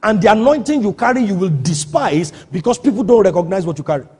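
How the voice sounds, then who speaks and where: In a hall that gives his words a long reverb, a man preaches a sermon in a high, very husky, darkish voice. He talks fast and expressively, pressing his points with rhetorical questions and checking that the congregation is following.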